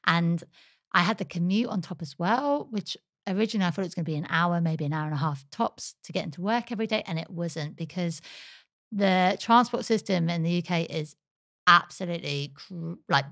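A woman's voice: fairly low pitch, a little fast, no echo, clean studio sound. Chatty English woman telling a story. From England. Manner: animated, chatty storyteller with frequent fillers. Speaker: podcast co-host. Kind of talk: casual storytelling chat.

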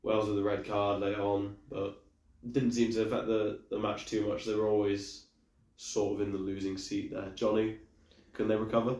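A young man hosting a casual football podcast, chatting in a relaxed way with his mates. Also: on the low side, normal speed. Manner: laid-back, chatty with mates. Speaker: podcast host. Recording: echoey room, distant from mic.

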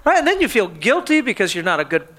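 A man preaching a sermon as pastor, telling animated stories and often laughing. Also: high-pitched, quick pace.

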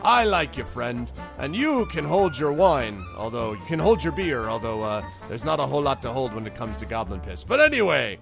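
A man's voice: medium pitch, very animated, normal speed, gravelly, hardly any pauses, music in the background. A man voicing a jovial, boastful male tavern keeper who talks like a salesman and jokes a lot. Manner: hearty, salesman-like, joking.

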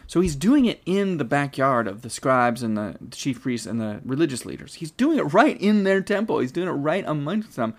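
Man casually teaching a Bible passage. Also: on the high side. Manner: conversational, thinking aloud with restarts.

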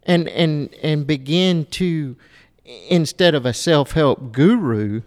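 Slow, halting Christian talk host. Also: male voice, a little high, a little mellow, big-room sound. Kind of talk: casual faith conversation.

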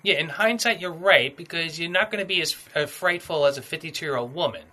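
A man co-hosting a casual podcast chat, animated and profane, full of jokes and asides. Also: fairly high pitch, brisk. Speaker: podcast co-host.

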